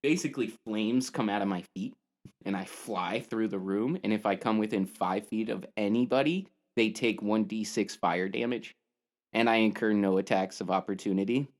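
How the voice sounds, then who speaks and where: A man's voice: on the low side, moderate pace. A man in casual chat as a tabletop game player, eagerly rattling off rules.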